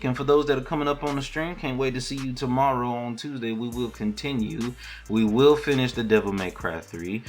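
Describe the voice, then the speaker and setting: A man's voice: medium pitch, moderate pace, faint music behind. A man hosting a gaming podcast, talking in a laid-back, rambling, slangy way as he signs off. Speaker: podcast host. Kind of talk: casual podcast sign-off.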